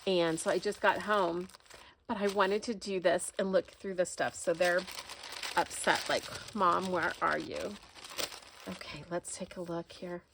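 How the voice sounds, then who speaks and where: A woman's voice: lowish voice, fairly even intonation, moderate pace, noisy background. A woman unboxing gifts at home in a casual vlog, effusive and full of exclamations. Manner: gushing, effusive, many exclamations. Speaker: crafting vlogger. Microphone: camera recording.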